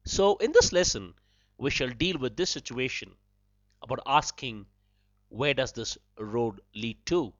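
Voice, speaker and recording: A man hosting a podcast language lesson, patiently repeating phrases slowly and breaking them into single words. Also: medium pitch, animated, dry recording. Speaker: podcast host teaching a language. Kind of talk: slow spoken language lesson. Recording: dull lo-fi dry recording.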